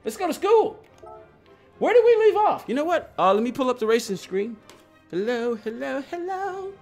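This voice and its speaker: Lively high-voiced male game streamer. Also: normal speed, faint music behind. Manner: rambling, repetitive storytelling with frequent restarts; reads and answers chat aloud. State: agitated while recounting. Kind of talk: live-stream chat while gaming.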